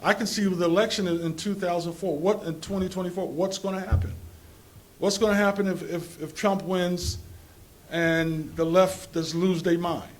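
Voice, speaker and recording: A man's voice: high-pitched, steady tone, normal speed. A man from New Jersey speaking on a conference panel in an informal, rambling way, with restarts and chuckles. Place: conference hall.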